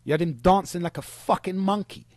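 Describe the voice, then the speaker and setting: Man, fiery sarcastic callout rant, slightly high voice, dry close sound. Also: a little fast, darkish tone, no room sound. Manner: heated, profane, sarcastic, mocking. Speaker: streamer calling out a rival.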